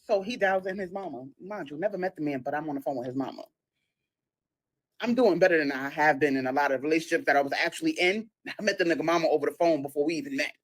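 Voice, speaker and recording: A woman in a played clip, telling a story casually in an animated, laughing, dramatic way. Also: low voice, fast talker, slightly rough.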